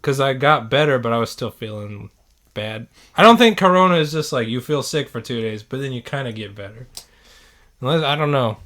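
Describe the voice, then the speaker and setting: A young man hosting a laid-back podcast, his voice bright and clear at a middle pitch. He talks in an easy, relaxed way and laughs often. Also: a little fast. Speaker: podcast host. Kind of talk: casual chat.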